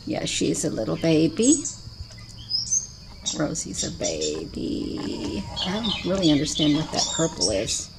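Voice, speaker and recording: A woman's voice: low-pitched, very animated, moderate pace, creaky, few pauses. A woman vlogger chatting casually while she films the sky outdoors, coaxing and calling everyone honey. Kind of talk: casual running commentary while filming. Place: outdoors by her house with birds around. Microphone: camera mic. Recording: loud outdoor noise with birdsong.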